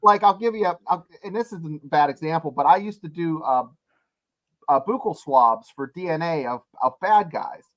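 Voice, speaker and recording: Man, podcast guest, joking storyteller, slightly high voice, muffled lo-fi sound. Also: lively intonation, moderate pace. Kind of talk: casual chat.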